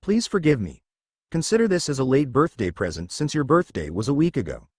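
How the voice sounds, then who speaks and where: A man voicing a gentle, motherly female sun goddess in a fan fiction reading. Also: medium pitch, very animated, brisk, breathy edge, no echo. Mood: tender.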